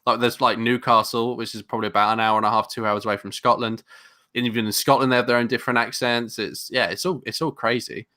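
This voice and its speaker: A man with a London accent, co-hosting a casual podcast chat, animated and rambling with many restarts. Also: medium pitch, quick pace. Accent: London English. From England. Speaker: podcast co-host.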